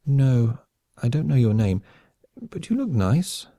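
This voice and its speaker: A man's voice: medium pitch, very animated, slow, mellow, dry recording, studio quality, pitched above the performer's own voice. Man voicing a Carveth, hungover cheeky young woman. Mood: coy.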